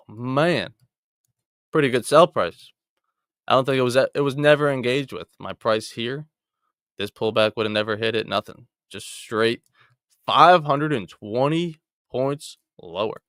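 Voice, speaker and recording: A man's voice: lowish voice, a bit bright, dry recording, studio quality. A young man hosting a casual chat about trading, loose and joking as he scrolls through charts. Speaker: trading show host. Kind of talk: casual chat reviewing trades.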